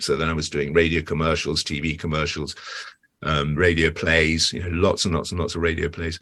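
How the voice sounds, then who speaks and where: An older British man with a very low, deep voice talks through his story in a loose, rambling way. He restarts his sentences and fills gaps with ums, like a guest settling into a relaxed interview chat. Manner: acts out quoted voices with big pitch jumps. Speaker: guest actor.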